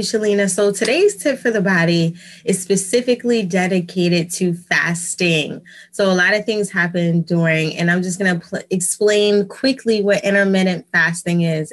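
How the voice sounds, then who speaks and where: A woman who is a guest personal trainer, explaining a health tip with frequent ums over a video call. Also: lowish voice.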